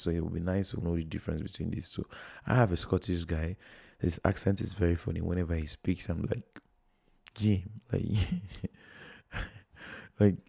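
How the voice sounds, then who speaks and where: With a deep, gravelly, warm voice, a Nigerian-accented man from Nigeria chats his way through reacting to videos, livestreaming from his phone. He rambles, leaning on plenty of fillers and chuckling often.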